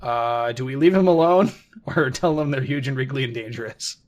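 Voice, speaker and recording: A man's voice: medium pitch, normal speed. Chatty man reading game text aloud. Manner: chatty, laughs often, trails off mid-thought. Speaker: let's play host.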